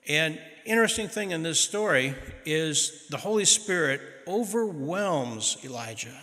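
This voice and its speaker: A man's voice: fairly high pitch, lively intonation, unhurried, few pauses, bright, forceful tone, in a large hall. A man preaching a sermon, retelling a story in a folksy, dramatic way.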